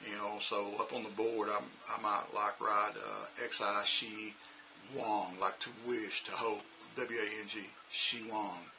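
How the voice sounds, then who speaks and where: A man's voice: lowish voice, flat delivery, measured pace, bright, forceful tone, a little hiss or hum. A man, an English teacher, telling a casual, rambling story full of "you know" and "uh". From United States.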